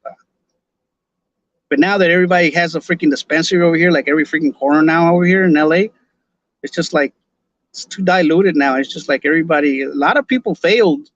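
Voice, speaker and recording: A podcast host from Los Angeles with a Chicano English accent chats loosely in a live-stream style, laid-back and slangy, full of restarts and repeated words. His voice is a little high and a bit bright, he talks fast with long pauses, and the recording is muffled.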